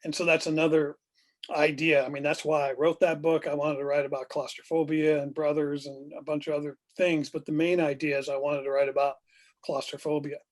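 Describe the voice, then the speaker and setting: A man's voice: on the high side, flat delivery, fairly quick. A man talking casually as a guest author, easygoing and lightly teasing. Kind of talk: casual video chat.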